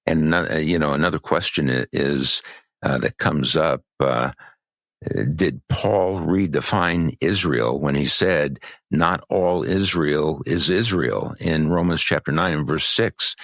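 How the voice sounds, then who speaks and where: A man co-hosting a podcast, talking in a measured, halting way with many restarts, and losing his voice. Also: a bass voice, fairly bright tone, no room sound. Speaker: podcast co-host. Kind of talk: podcast conversation.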